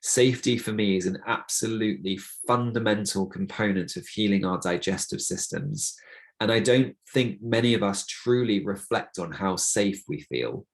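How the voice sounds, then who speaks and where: A man gives a webinar talk on breathing techniques. His voice sits slightly low, and he explains patiently and encouragingly. He often stops to restart a thought or adds a small filler. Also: moderate pace. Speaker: breathwork practitioner presenting a webinar. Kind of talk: webinar presentation.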